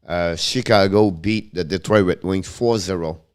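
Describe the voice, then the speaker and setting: French accent guy calling hockey play by play on a stream, lowish smooth voice, rattling off every pass. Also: darkish tone. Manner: rapid running commentary in broken English, names each pass. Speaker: play-by-play commentator and stream host.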